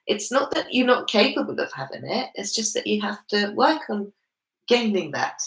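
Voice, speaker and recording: A woman's voice: medium pitch, very animated, normal speed, a bit bright, reverberant, low-quality recording. A woman with a confident manner, explaining at length in a casual book club chat.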